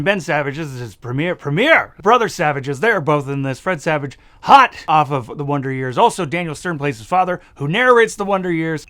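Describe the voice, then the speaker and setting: A young man rattles through a comedic movie review at high speed. His voice sits fairly high and swoops up and down constantly, and he keeps slipping into quick put-on character voices for laughs. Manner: animated, jokey, acts out characters in quick asides.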